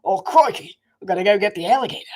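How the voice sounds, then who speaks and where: A man putting on an Australian accent as an excitable wildlife-show figure, exclaiming playfully. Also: high-pitched, fast. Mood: excited. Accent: put-on Australian.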